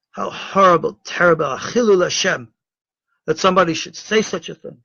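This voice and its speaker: A middle-aged American rabbi speaks in an emotional, indignant address, often stumbling and repeating words. His voice is bright and tense, pitched somewhat high. The recording is dry and a little dull. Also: creaky, no echo. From United States. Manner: emotional, indignant, halting repetitions. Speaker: rabbi and Torah teacher. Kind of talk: impassioned video address.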